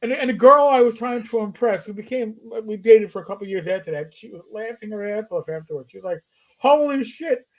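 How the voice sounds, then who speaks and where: A man's voice: high voice, fast talker, hardly any pauses, rough recording. A man co-hosting a casual chat show, telling a rambling anecdote and acting out the voices of the people in it. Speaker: podcast co-host. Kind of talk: casual storytelling.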